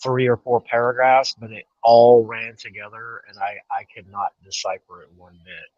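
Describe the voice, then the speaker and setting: A man co-hosting a casual livestream, bantering in a relaxed, agreeable way. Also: medium pitch, normal speed, no room sound, muffled recording. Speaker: livestream co-host.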